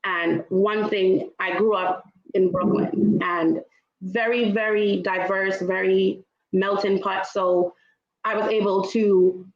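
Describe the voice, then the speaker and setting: A woman's voice: medium pitch, fairly even intonation, slow pace, roomy sound, muffled recording. A woman from Trinidad with a Trinidadian and New York accent, speaking with emphasis as a panelist in a casual discussion and often asking "right?". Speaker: panelist in an online travel talk.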